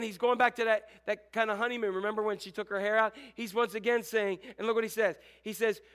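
A middle-aged male pastor preaching a sermon, animated and joking with the congregation, acting out quotes. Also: sits high, clean tone.

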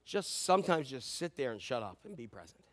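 Speaking a little fast with a medium-pitched, sing-song voice, this middle-aged pastor delivers a sermon through conversational storytelling. His volume shifts from loud emphasis to quiet asides.

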